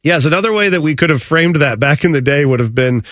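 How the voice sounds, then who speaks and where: Male sports radio co-host with a cold, lively rant, dry studio mic. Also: a little high, fast talker, no echo. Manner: animated, mock-shouting ranter. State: has a cold. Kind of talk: casual radio banter. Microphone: studio broadcast mic.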